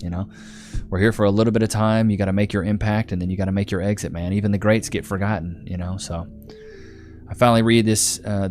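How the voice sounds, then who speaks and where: A man's voice: on the low side, darkish tone. A man hosting a livestream, chatting casually and rambling as he thanks viewers and reads their donations, laughing often. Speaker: livestream host.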